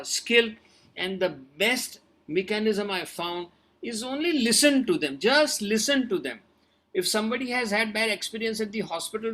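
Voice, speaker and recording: A man's voice: high-pitched, a bit bright. A man who is a doctor, answering audience questions over a video-call webinar in an earnest, advising way and repeating his key points.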